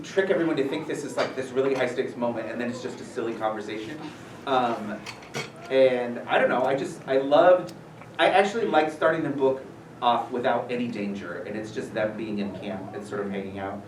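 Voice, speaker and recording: Guy answering student questions, chatty and animated, sounds far off in a roomy space. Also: medium pitch, brisk, background noise. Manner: animated, rambling, lots of fillers. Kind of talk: casual Q&A talk. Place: school room, audience present. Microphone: distant from the recorder. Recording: echoey room, voice heard from far off.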